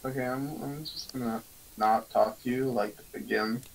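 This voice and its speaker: A man's voice: medium pitch, steady tone, normal speed, gravelly, slight background noise, rough recording. A young man chatting casually with a friend while gaming, rambling and laughing, full of fillers. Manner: giggly, rambling, filler-heavy. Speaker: gamer.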